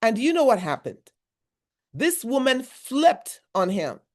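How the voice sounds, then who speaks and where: A woman's voice: on the high side, big pitch swings, slow, a little mellow. A woman from Nigeria, a therapist giving a motivational workshop talk in a conversational, repetitive style with emphatic asides.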